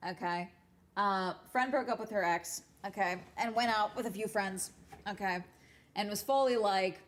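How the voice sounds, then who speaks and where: A woman's voice: mid-range voice, normal speed. Blunt, profane young woman streamer. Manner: blunt and profane, animated storytelling. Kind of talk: casual chat on a stream.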